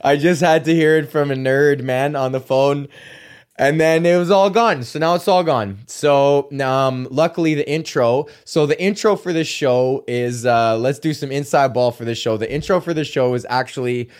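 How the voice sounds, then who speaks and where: A man's voice: medium pitch, moderate pace, clean tone. A man hosting his own podcast in a casual rambling monologue, swearing often and restarting sentences. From Canada. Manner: profane, rambling, with many restarts. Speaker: podcast host.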